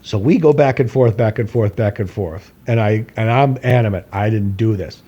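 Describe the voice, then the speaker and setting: A husky, dark-toned man with a mid-range voice speaks at a normal speed, his recording muffled. As a podcast co-host, he tells a long personal story in a rambling, casual manner, with lots of laughter and quotes acted out loudly.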